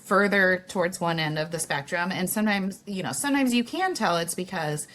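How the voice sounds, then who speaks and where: A woman hosting an interview podcast, talking in a frank, conversational way. Her voice sits a little lower than most women's. She thinks aloud with plenty of "like" and "you know". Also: animated, fairly quick, fairly bright tone, slight background noise. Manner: candid and chatty, many "like" and "you know" fillers. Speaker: podcast host.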